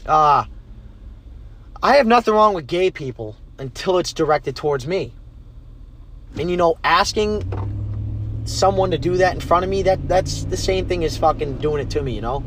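A young man with a somewhat high-pitched voice rants in a loose, rambling way, swearing in nearly every sentence. He is recorded inside a moving car, with a faint hum of traffic behind him. His talk is blunt and unpolished. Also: a bit bright. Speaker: podcast host. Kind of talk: casual rant while driving. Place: in a car on the road.

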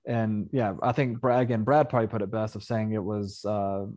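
A man's voice: fairly low pitch, little pitch movement, moderate pace, darkish tone. A man hosting a casual movie review chat, talking in a rambling way with many fillers and self-corrections. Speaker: podcast host.

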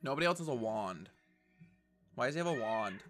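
Here a man with a lively, mid-range voice riffs casually on a show he's watching, cracking jokes and answering the screen as a reaction commentator. He talks a little fast, and a crowd can be heard in the background.

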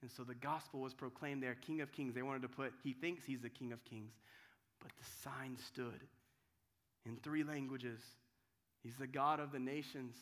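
A man preaching a sermon as pastor, dramatic, swinging from loud cries to hushed tones and often restarting his words. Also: mid-range voice, fairly even intonation, normal speed. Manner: restarts and repeats words while telling the story.

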